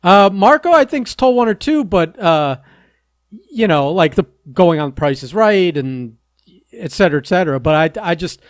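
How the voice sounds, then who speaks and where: An easygoing man co-hosting a podcast in a slightly high voice. The sound is dry and close. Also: animated, normal speed, no echo. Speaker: podcast host. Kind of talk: casual chat.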